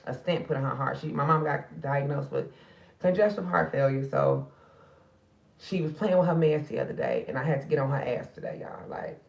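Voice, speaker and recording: A tired woman speaks straight to her viewers as if they were her sisters. Her voice is gravelly, and it sits a little away from the phone in an echoey room. The sound is dull and lo-fi. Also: low-pitched, normal speed, far from the mic. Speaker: spiritual card reader and channel host. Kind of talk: casual late-night vlog chat.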